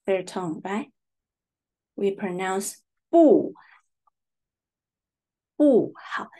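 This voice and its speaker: A woman with a Taiwanese accent, whose first language is Mandarin, teaching Mandarin tones in English and drilling words slowly and deliberately. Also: medium pitch, darkish tone. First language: Mandarin Chinese. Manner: slow and deliberate, repeating words for practice. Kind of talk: slow tone-drill lesson.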